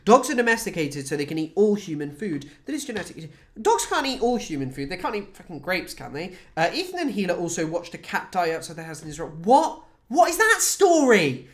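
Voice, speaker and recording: A woman's voice: lowish voice, very animated, fast talker, few pauses. A woman from the UK chatting casually on a livestream, rambling, swearing and often restarting her sentences. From United Kingdom. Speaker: streamer.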